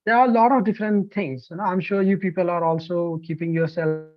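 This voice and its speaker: A man, a language-teaching trainer, presenting an online course in an animated, emphatic way with frequent fillers. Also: high-pitched, a little fast, lo-fi sound. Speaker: TEFL trainer.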